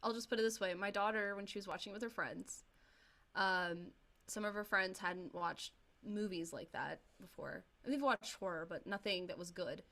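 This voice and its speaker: A middle-aged woman on a film podcast panel, telling a story in an animated, amused way. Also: mid-range voice, normal speed. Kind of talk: roundtable film discussion.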